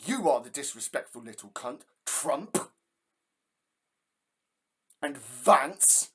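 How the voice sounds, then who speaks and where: A man's voice: expressive, slow, husky. A man giving an angry, profane reaction commentary, stumbling over his words with rage. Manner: furious, profane ranting, pitch jumping sharply. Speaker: reaction video host.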